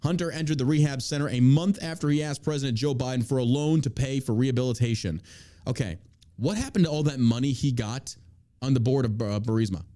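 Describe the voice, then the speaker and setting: A man's voice: medium pitch, quick pace, warm tone. A man hosting a political commentary podcast, reading news items aloud and then ranting at listeners with heavy profanity. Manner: heated, preachy appeals to listeners. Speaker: podcast host.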